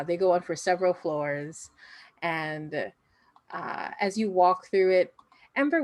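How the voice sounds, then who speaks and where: A woman's voice: fairly low pitch, dry recording. A woman running a tabletop game, casually describing scenes with many fillers. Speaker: game master.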